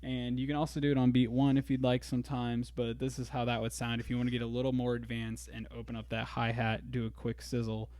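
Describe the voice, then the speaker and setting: A man teaching a drum lesson in a relaxed way, explaining grooves step by step. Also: medium pitch, quick pace, hardly any pauses. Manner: counts beats aloud, easygoing explaining. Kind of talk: casual instructional talk. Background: drum kit and metronome.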